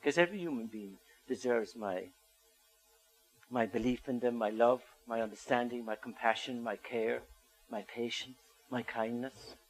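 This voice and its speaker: A man's voice: medium pitch, normal speed, poor audio. An older man giving a storytelling talk to an audience, asking them questions as he goes. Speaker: speaker.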